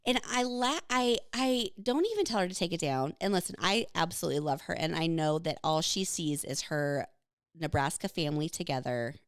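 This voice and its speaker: A woman's voice: on the low side, normal speed, clean tone, no room sound, clean studio sound. A woman co-hosting a podcast in casual chat, self-mocking and laughing as she talks. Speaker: podcast co-host.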